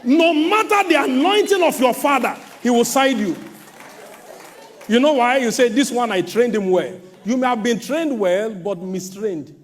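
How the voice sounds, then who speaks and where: A middle-aged male pastor preaching a sermon, swinging between mocking quoted voices and sudden shouts. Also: very high-pitched, animated, measured pace, some chatter behind, a little hiss or hum.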